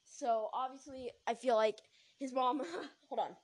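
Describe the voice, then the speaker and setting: A woman's voice: fairly high pitch, steady tone, measured pace, a little hiss or hum. A young woman hosting a podcast, telling a story in a rambling, giggly way with lots of fillers. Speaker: podcast host. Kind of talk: casual storytelling.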